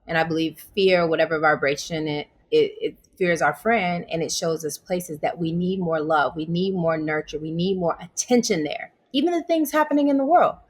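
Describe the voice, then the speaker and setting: A woman's voice: low voice, normal speed, hardly any pauses. A woman guest in an interview, telling a personal story in a casual way and laughing often as she talks. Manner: animated, laughs while telling stories. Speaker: interview guest, yoga teacher.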